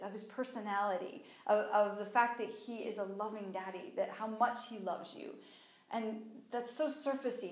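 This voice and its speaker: A woman teaching the Bible in a conversational sermon, animated and fond of acting out what people say. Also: fairly high pitch. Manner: animated, acts out quoted voices. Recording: echoey room.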